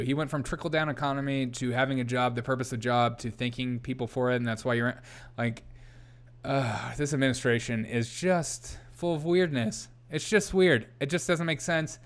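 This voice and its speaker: A man's voice: mid-range voice, normal speed, clear, resonant tone. A man hosting a casual commentary show, mocking the clips he plays and laughing often.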